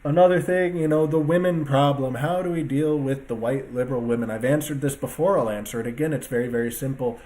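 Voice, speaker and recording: A man's voice: medium pitch, fast, few pauses, darkish tone. Guy ranting at his viewers from his desk, swears a lot, rambles, hits points hard. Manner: profane, rambling, emphatic. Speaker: online political commentator. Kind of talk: casual solo rant to viewers. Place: at a computer with two screens.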